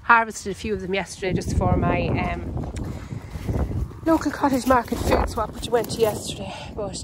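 A woman's voice: fairly low pitch, heavy background noise. Chatty Irish woman touring her garden. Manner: chatty and unhurried, with frequent ums and self-corrections. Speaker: home gardener and channel host. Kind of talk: casual garden walkthrough. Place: outdoors in a vegetable garden.

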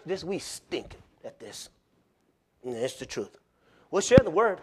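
A male pastor preaching a sermon in a folksy, plain-spoken way, telling animated stories with frequent laughter. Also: a little high.

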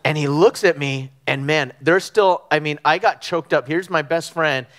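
A middle-aged man from Southern California preaching a conversational sermon, telling animated stories with frequent ums and restarts. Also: on the high side, moderate pace. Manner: animated storytelling with frequent fillers. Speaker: pastor. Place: church sanctuary.

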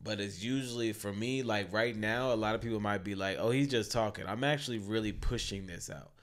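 A man co-hosting a podcast in casual chat, talking low and often trailing into a mumble. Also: brisk. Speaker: podcast co-host.

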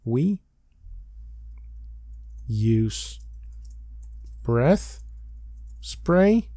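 Playful, lively man playing a game. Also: sits high, extremely slow, long pauses, no echo, clean studio sound. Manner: playful, giggly, sings and reads lines with silly emphasis. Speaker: let's play host. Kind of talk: let's play commentary, reading game text aloud.

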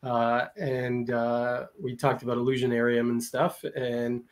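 A man's voice: medium pitch, completely flat delivery, measured pace, slight background noise. A man co-hosting a casual chat in a laid-back way, laughing easily and using lots of fillers. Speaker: co-host.

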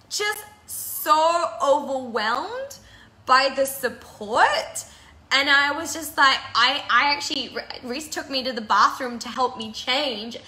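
A chatty woman with a fairly high, bright voice talks casually on a live video. She keeps laughing through tears. The room around her echoes. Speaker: break-up counsellor and channel host.

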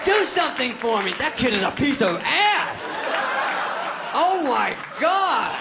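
A man voicing a crude, pushy elderly grandmother with a shrill, loud voice, on a comedy stage. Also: sing-song, takes it slowly, vocal fry, a loud crowd, very noisy, full character voice. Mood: lustful.

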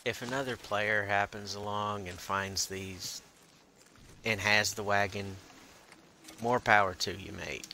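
A man's voice: fairly low pitch, fairly even intonation, takes it slowly, pushed and bright. A man giving profane, self-talking gameplay commentary as he hunts and explores in a game. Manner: profane, mutters to himself while playing. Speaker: gaming channel host. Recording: noisy recording.

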